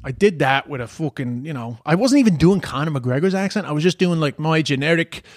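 A man with a Dublin accent spins a loose, swearing story, chuckling at his own jokes. His voice sits a touch high for a man, and the sound is dry and close. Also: animated, fairly quick, no echo. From Ireland. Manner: rambling, swearing, self-amused. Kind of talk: casual storytelling monologue.

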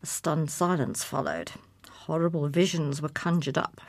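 A woman's voice: deep voice, lively intonation, moderate pace, creaky, no echo. Woman reading her funny travel piece, dry wry delivery, close dry mic. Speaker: essay reader. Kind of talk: reading a humorous personal essay aloud.

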